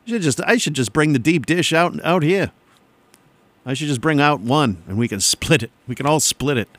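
A man's voice: a little high, expressive, normal speed, a bit bright, no room sound. Male radio DJ, loose joking patter, dry studio sound. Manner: joking, rambling, self-mocking. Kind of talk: rambling on-air chat between songs. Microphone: studio mic.

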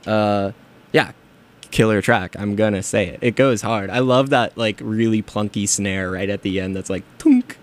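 Young male radio DJ, lower voice, loose rambling chat with fillers and laughs, studio mic. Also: steady tone, moderate pace. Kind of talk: casual radio show chat.

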